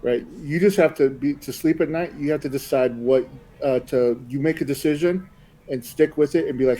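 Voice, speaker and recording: A man hosts a relaxed podcast chat in a mellow, warm-toned voice. He rambles easily and offers friendly advice with plenty of fillers. His pitch sits at an ordinary middle level. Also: a little fast, poor audio. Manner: easygoing, rambling, gives advice with many fillers. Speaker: podcast host.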